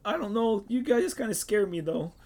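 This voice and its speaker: A man's voice: high-pitched, animated, brisk, a little mellow. A man voicing a nervous young male train guard in debt, who stammers and frets. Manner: stammering, jittery.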